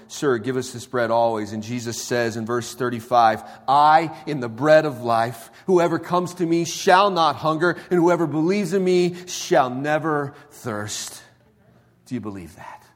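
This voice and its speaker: Man preaching in a reverberant hall. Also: medium pitch. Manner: conversational preaching, swinging from quiet to emphatic. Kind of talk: sermon.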